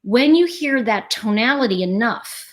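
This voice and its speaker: A woman talks in a casual, explanatory way, with a fairly high voice that swoops up and down. She keeps the talk animated by acting out everyday scenarios as she explains them. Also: measured pace, slight background noise. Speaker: host.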